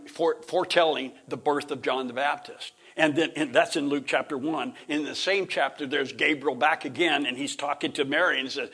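Rambling, throat-clearing male Bible teacher. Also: mid-range voice, a bit bright. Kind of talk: informal classroom lecture.

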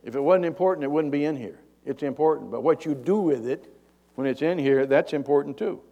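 A man's voice: on the high side, a little fast, mellow, lo-fi sound. A male preacher giving a folksy, conversational sermon.

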